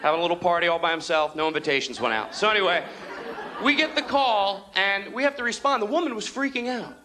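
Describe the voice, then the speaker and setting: A young male comedian with a high, bright voice rattles through a stand-up set on a club stage, dropping into quick character voices. He speaks into a handheld mic, with steady room noise from an old videotape and a laughing crowd behind him. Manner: fast, animated, jumps into quick character voices. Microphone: handheld stage microphone. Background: audience laughter.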